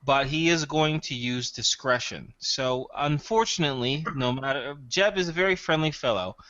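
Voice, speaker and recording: A chatty man at a tabletop game, his voice bright and a little sharp as he lays out his character's plans in detail. The mic is dry and dull, with no room sound. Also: medium pitch, moderate pace, no room sound. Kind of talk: casual tabletop role-play.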